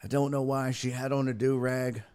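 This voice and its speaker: A man's voice: medium pitch, flat delivery, fairly quick, a little mellow, smooth. A man hosting a sports stream, chatting casually, rambling and often breaking off mid-sentence. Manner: rambling, self-interrupting, exclaiming. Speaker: sports show host. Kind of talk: casual live-stream chat.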